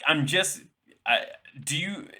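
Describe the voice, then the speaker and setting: A man co-hosting a casual comedy podcast, playful and teasing, talking in halting starts. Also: fairly high pitch, lively intonation, bright, forceful tone. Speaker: podcast co-host.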